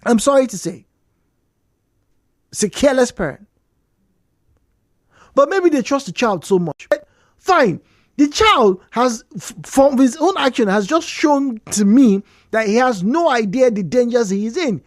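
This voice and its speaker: A woman's voice: a little high, unhurried, pauses often, dry recording, clean studio sound. A woman with a Nigerian accent hosting a radio talk show, telling a story with lots of emphasis and repetition. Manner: animated storytelling, repeats points for emphasis.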